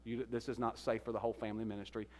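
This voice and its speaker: A man, a guest speaker telling a sermon testimony, halting and repeating his words as he goes. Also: lowish voice, level tone, a little mellow. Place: church sanctuary. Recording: echoey sanctuary reverb.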